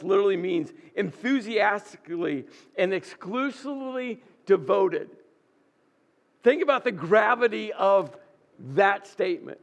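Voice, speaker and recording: A man's voice: high-pitched, expressive, unhurried. A male pastor preaching a sermon, retelling a scripture story and acting out its dialogue with rising intensity.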